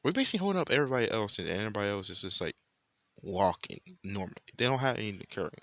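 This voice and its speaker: A man's voice: lowish voice, animated, rapid-fire, fairly bright tone, dry recording. Young man rambling a profane fan story. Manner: casual, rambling and profane, heavy slang. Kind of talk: improvised fan-fiction storytelling.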